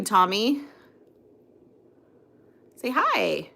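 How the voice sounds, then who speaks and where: A woman's voice: mid-range voice, normal speed, pushed and bright. A young adult woman hosting a casual phone livestream, rambling, reading out viewer comments and cooing at her dog. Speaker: livestream host.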